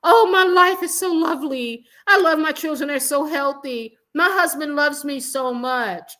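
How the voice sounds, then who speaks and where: A woman's voice: high voice, a little slow, pushed and bright, pitched above the performer's own voice. A woman putting on a mocking impression of a smug wealthy woman who brags about her perfect life, in an exaggerated sweet, sing-song voice. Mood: mocking gush.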